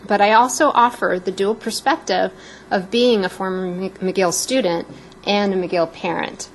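A woman in her fifties from Canada giving a prepared, personal speech as a guest speaker, warm and a little emotional. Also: mid-range voice, steady tone, normal speed, a little hiss or hum, poor audio.

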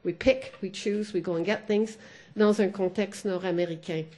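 A woman giving a conference lecture as a sociolinguist, thoughtful, often pausing with "uh" and slipping between English and French. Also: mid-range voice, steady tone, dark tone.

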